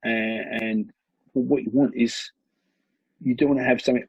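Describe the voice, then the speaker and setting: A man with a deeply husky, gravelly voice and a mellow, warm tone tells stories as a guest in an interview. He gets animated and often restarts mid-sentence. The recording is dry and dull, like lo-fi audio. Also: moderate pace, long pauses, no room sound. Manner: animated storyteller with frequent restarts. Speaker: martial arts coach, guest. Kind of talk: conversational interview storytelling.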